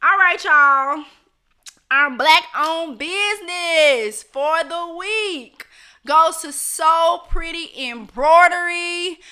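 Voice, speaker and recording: A woman with an extremely high, bright, forceful voice draws out her words as she hosts a casual live stream. Chatty and laughing often, she reads viewer comments aloud and talks straight to her audience.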